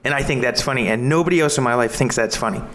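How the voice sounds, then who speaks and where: A man's voice: mid-range voice, rapid-fire, a bit bright, slight background noise. Thirty-year-old man telling stories. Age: 30s. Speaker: podcast co-host. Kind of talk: casual chat. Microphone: remote call.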